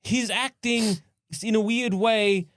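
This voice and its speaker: A man on a podcast, animatedly recapping a film, acting out characters in quick voices and swearing casually. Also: high-pitched, steady tone, fairly bright tone, slight background noise. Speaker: podcast co-host.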